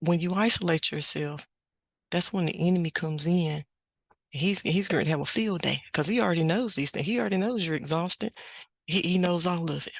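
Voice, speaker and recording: Gravelly low-voiced woman telling stories. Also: dry recording. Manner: unhurried storytelling, warm and plain-spoken. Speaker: podcast host. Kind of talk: casual spoken reflection.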